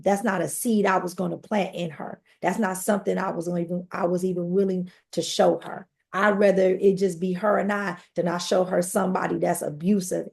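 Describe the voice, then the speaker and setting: This woman, a podcast guest, speaks with a fairly low, creaky voice that's a little mellow. In an earnest storytelling style, she relates her own life and addresses her listeners directly.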